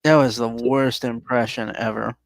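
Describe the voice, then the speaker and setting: A man's voice: medium pitch, little pitch movement, normal speed, vocal fry, no room sound. A man with a mid-range voice talking casually on a podcast. He teases his partner and often hesitates and restarts as he talks. The recording is dry and close. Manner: teasing, hesitant. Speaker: podcast co-host. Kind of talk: casual chat.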